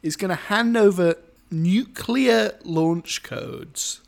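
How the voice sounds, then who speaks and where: A man co-hosts a casual podcast and asks wry, skeptical questions. His voice sits slightly high with a gravelly fry. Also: takes it slowly. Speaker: podcast co-host. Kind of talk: casual chat.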